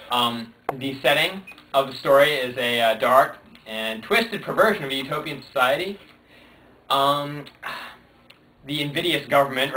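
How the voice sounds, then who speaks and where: A man's voice: mid-range voice, pushed and bright. A young man playing a guest expert, earnest and full of uh and um hesitations. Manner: earnest, lots of uh and um. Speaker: guest analyst. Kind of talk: mock expert commentary. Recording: distant mic.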